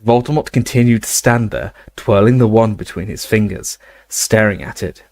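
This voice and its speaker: Guy reading a novel out loud, steady, few slips, dry close sound. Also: lowish voice, moderate pace, dry recording. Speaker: audiobook reader. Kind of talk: casual audiobook narration.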